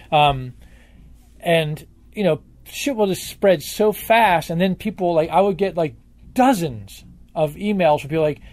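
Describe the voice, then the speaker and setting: A man in a candid interview, talking in long, rambling stretches, with blunt profanity and a forceful edge. His voice sits a little higher than most men's. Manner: emphatic, profane, rambling storyteller.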